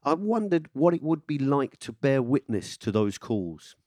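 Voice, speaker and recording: A man's voice: mid-range voice, big pitch swings, normal speed, warm tone, no room sound, clean studio sound. A man presenting and narrating a documentary in a scripted, enthusiastic way.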